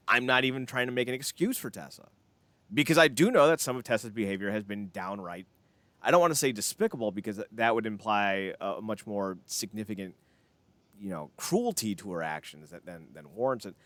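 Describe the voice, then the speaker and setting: A man co-hosting a casual wrestling podcast, ranting in an animated, sarcastic way with frequent swearing. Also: medium pitch, no echo. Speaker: podcast co-host.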